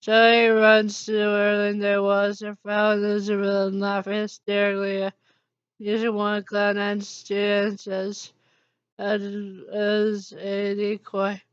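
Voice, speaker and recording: Monotone fan-story reader. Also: medium pitch, clean tone, no echo. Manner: halting, monotone reading with slips. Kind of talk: casual reading of a fan story. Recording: dull lo-fi recording.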